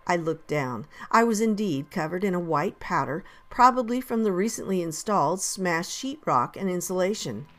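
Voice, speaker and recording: A woman reading a first-person audiobook in a measured, steady storytelling manner. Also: fairly low pitch. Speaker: audiobook narrator.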